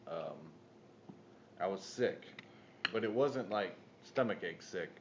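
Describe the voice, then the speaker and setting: A man with a lowish voice co-hosting a casual podcast, swearing freely as he talks. The audio is muffled and lo-fi, with a faint hiss underneath. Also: expressive, takes it slowly. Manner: profane, loud bursts when retelling a story. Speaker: podcast co-host.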